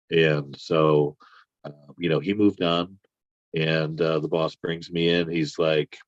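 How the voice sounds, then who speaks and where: A man with a very deep voice tells a long, rambling personal story, swearing freely and getting worked up as he goes. The sound is dry and a little muffled. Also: no echo. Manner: rambling, profane, animated when riled. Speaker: podcast guest. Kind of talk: casual storytelling.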